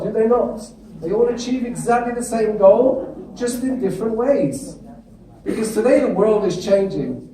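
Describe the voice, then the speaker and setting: British male keynote speaker, higher voice, engages the room, recorded far off in a reverberant hall. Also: warm tone. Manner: engaging, asks the audience questions. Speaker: conference speaker. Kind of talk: humorous keynote talk. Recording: echoey hall, mic far off.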